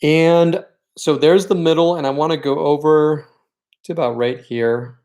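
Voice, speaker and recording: A man leads a live-streamed painting lesson at a relaxed, talkative clip. He encourages his viewers as he works through each step and gets openly sentimental about the students he misses. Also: on the high side, measured pace. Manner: chatty and encouraging, talks while working. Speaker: art teacher leading a paint night.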